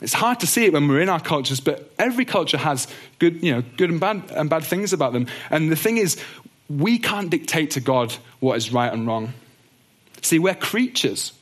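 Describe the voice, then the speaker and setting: A man teaching a Bible lesson in an earnest, gentle way. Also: fairly high pitch, lively intonation, normal speed. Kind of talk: teaching talk on doctrine.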